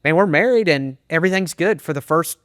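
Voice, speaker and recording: A man's voice: a little high, lively intonation, a bit bright, dry recording, studio quality. A middle-aged man, an associate pastor, earnestly telling a candid personal testimony in an interview. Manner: earnest, candid storytelling with emotional pauses. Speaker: associate pastor and men's minister.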